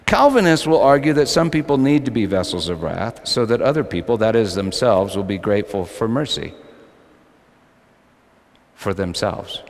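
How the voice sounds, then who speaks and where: A male pastor preaching a sermon, swinging between loud, emphatic lines and quiet, low asides. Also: big pitch swings, normal speed. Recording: long hall reverb.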